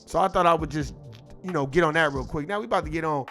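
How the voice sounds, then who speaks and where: A man's voice: fairly high pitch, fast, a bit bright, soft background music. A man ranting in casual, profane commentary, irritated and repeating himself. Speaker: commentary host.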